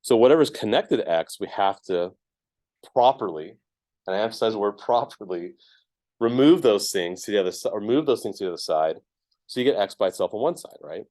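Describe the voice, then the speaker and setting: A man's voice: lowish voice, lively intonation, fast talker, mellow, dry recording. A man teaching a math class, explaining each step casually with lots of ums and checks of "right?". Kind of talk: classroom lecture.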